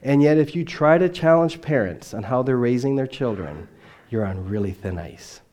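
This missionary speaker delivers a sermon built around a personal story, told earnestly at normal speed. His mid-range voice is expressive, rising to loud emphasis and then sinking into soft, dropped endings.

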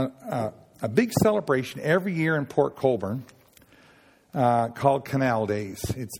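A man from Nova Scotia with a Nova Scotian accent, giving a folksy talk at a chapel, halting and full of restarts as he tells stories. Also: medium pitch, creaky, darkish tone, big-room sound. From Nova Scotia, Canada. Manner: homespun, halting, with many restarts and acted-out dialogue. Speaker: sailors' gospel worker speaking at a chapel.

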